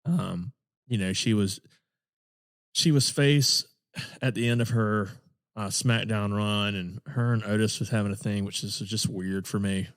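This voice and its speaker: A man's voice: fairly low pitch, steady tone, a little slow. A man co-hosting a wrestling podcast, chatting casually with plenty of fillers and restarts. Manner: rambling, many fillers and restarts, laughs often. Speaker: podcast co-host. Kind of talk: casual chat.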